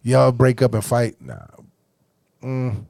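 A man in his forties hosting a podcast, chatting casually with blunt, profane talk that often drops to a low mutter. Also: fairly even intonation, slow, vocal fry, darkish tone, no echo. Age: 40s. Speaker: podcast host. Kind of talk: casual chat.

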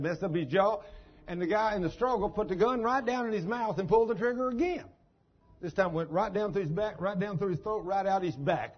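A man's voice: sits high, slightly rough, muffled recording. A man preaching a sermon in a folksy, emphatic storytelling manner.

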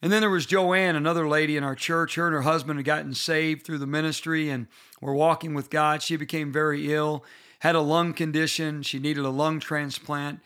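A middle-aged pastor with a bright, forceful voice pitched a little high for a man. He teaches leaders from scripture in an earnest, personal way. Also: fairly even intonation, normal speed. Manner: earnest storytelling, personal and emphatic. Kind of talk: bible-based leadership teaching.

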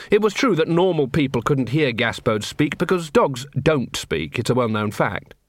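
A man narrating a comic fantasy audiobook in a measured, dry storytelling manner. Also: mid-range voice, lively intonation, no room sound. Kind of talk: scripted narration.

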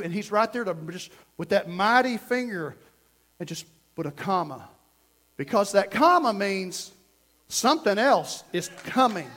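A man preaching a fervent sermon as pastor, dropping to a hush and then rising to shouts. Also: high-pitched, animated, unhurried. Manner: fervent, swings from hushed to shouting.

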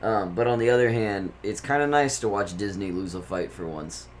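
A man's voice: fairly low pitch, normal speed, slight background noise. Laid-back self-deprecating podcast co-host man. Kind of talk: casual chat.

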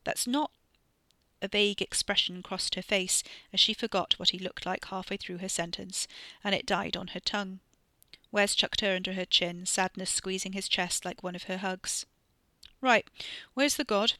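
A woman narrating a novel in a measured, even way. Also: mid-range voice, dry recording. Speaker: audiobook narrator. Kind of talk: scripted narration.

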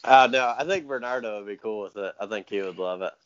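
A man hosting a casual chat, laid-back and quick to laugh. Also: fairly low pitch, fairly bright tone, smooth, muffled recording. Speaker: podcast host and jiu-jitsu video maker.

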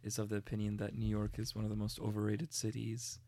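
A man's voice: on the low side, completely flat delivery, quick pace, dark tone. A man co-hosting a podcast, chatting casually and teasing his friends. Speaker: podcast co-host. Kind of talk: casual chat.

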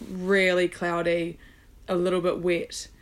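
A young woman co-hosting a podcast, chatting casually about travel and chiming in with relaxed asides full of "like". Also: fairly low pitch, a little slow. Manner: relaxed, chimes in with asides and lots of "like". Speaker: podcast co-host.

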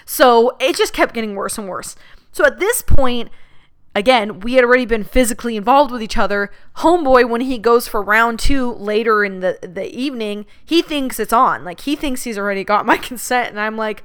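A woman's voice: fairly high pitch, moderate pace, a bit bright, clean tone. A young woman casually telling a personal story, chatty, with lots of "like" and laughter. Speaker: podcast host.

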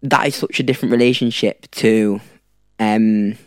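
A man's voice: fairly low pitch, steady tone, normal speed, darkish tone, clear, resonant tone, dry recording, clean studio sound. A young man in his twenties as a podcast guest, talking informally with many hesitations and restarts. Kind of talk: casual chat.

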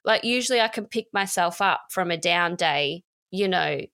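A woman's voice: fairly low pitch, animated, normal speed, a bit bright, smooth, dry recording, clean studio sound. A woman, co-hosting a podcast and telling a personal story frankly and emotionally, with casual swearing. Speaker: podcast co-host. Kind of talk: candid podcast chat.

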